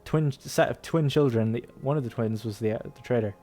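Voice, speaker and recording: Streaming a strategy game, a young man keeps up casual, rambling chatter full of laughter. His voice is mellow and mid-range, moving a little fast, over faint background music.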